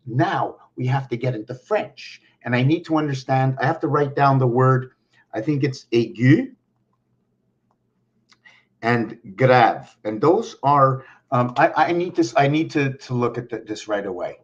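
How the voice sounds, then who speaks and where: A man vlogging from home, talking in a meandering monologue full of pauses and restarts. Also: mid-range voice. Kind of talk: rambling monologue to camera. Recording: dull lo-fi recording.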